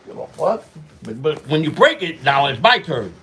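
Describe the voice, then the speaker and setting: A middle-aged man hosts a walk-and-talk show in a fairly high, sing-song, slightly bright voice at normal speed. He tells street stories bluntly, swears a lot, and acts out both sides of old arguments.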